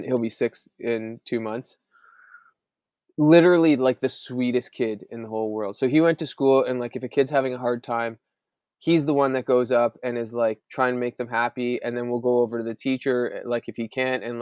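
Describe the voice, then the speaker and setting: A man in his thirties, a podcast host, telling family stories in an animated, casual way with many fillers. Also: mid-range voice, normal speed, clear, resonant tone, dry recording. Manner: animated storyteller, frequent "like" fillers. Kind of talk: casual chat.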